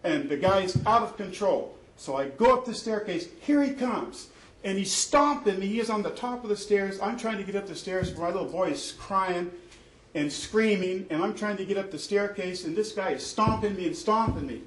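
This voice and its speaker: A man's voice: high-pitched, expressive, moderate pace. A man, a father, gives an emphatic, repetitive personal account of a family fight, with many fillers. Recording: echoey room.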